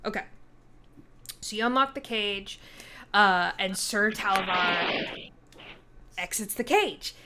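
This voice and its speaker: A woman running a tabletop fantasy game as game master, narrating in a relaxed, chatty way full of fillers. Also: mid-range voice, takes it slowly, long pauses, a little hiss or hum.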